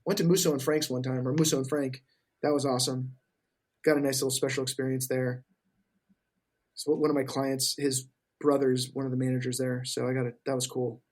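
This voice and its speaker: A man telling stories in casual podcast chat, profane and animated, acting out what others said. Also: mid-range voice, brisk. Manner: profane, animated storyteller, acts out quotes. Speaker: podcast guest.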